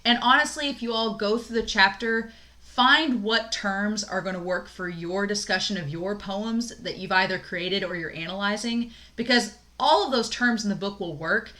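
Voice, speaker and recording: Bright-voiced woman teaching a poetry lecture. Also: medium pitch, moderate pace. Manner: casual, explanatory, frequent "um" fillers and light laughs. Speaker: college English instructor. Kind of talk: recorded online lecture.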